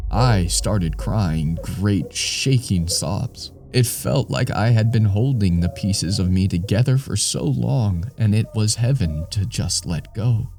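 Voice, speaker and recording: A man reading a scripted first-person horror story in a deliberate, ominous way. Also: on the low side, dark tone.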